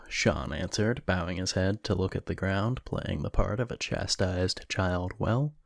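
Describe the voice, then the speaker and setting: A man reading a novel aloud as narrator, in a steady, measured way. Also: low voice, vocal fry. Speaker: audiobook reader. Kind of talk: scripted narration.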